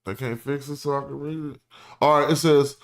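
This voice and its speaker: A man's voice: fairly high pitch, fairly quick. A man streaming, telling an old story in slangy casual talk and reading passages aloud, acting out the quotes. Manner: slangy, animated, acts out quotes in put-on voices.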